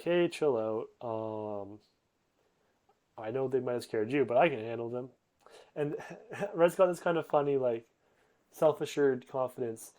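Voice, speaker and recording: Man, mid-pitched, rambling casual storyteller, loose filler-heavy delivery. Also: mellow. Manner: rambling, many fillers and restarts, voices characters loosely. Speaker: narrator summarizing a comic.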